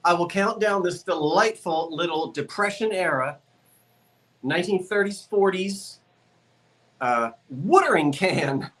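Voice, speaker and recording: A woman's voice: fairly low pitch, lively intonation, measured pace, a bit bright. A chatty woman with a light South Jersey accent runs a live online antiques sale. Her talk is folksy and easygoing, and she laughs readily while she sells. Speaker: antiques auction host. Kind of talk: live-stream auction patter.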